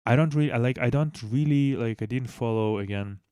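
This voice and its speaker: A man's voice: mid-range voice, a little fast, mellow, clear, resonant tone, no echo, studio quality. A man hosting a news commentary channel in casual, blunt style, swearing heavily and restarting sentences, speaking English as a second language. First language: not English.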